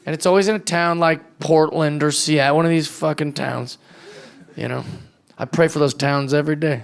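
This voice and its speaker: A male stand-up comedian on a club stage, mocking and profane, dropping low and quiet for asides. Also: fairly even intonation, moderate pace, gravelly. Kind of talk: stand-up set. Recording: live club crowd laughing. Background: audience laughter.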